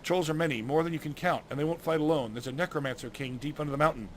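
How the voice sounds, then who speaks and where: A man's voice: a little high, racing, slight background noise, lightly acted. A man voicing an earnest young dwarf warrior delivering urgent news.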